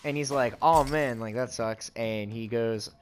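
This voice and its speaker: A man's voice: mid-range voice, steady tone, moderate pace. A young man casually telling a rambling story, full of fillers and swearing, while playing a game with friends. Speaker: let's play co-host. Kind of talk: casual storytelling over gameplay. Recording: game music faintly behind.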